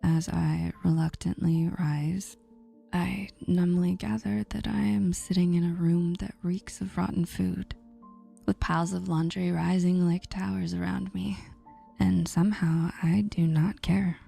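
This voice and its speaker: Soft-spoken woman narrating, low gravelly voice. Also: steady tone, soft background music. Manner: soft, slow, often breathy near-whisper. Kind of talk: first-person story narration.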